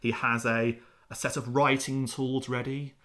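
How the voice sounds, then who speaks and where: A man's voice: medium pitch, measured pace. A man, a historian chatting casually on a podcast and acting out the quotes in his stories. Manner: animated storyteller, acts out quotes. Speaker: historian guest.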